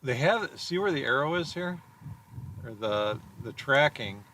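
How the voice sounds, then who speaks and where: A man's voice: mid-range voice, expressive, a little slow, pushed and bright, slight background noise. A man chasing storms, chatting casually from inside a car, rambling and joking as he plays with place names. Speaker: storm chaser. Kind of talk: casual chat while driving.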